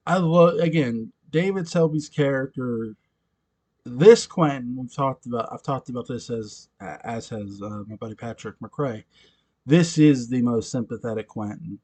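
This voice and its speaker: A man's voice: medium pitch, warm tone. A man recapping a TV episode in casual chat, rambling and giggling often, correcting himself as he goes. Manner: giggly, rambling, frequent laughter and self-corrections. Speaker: fan commentator recapping episodes.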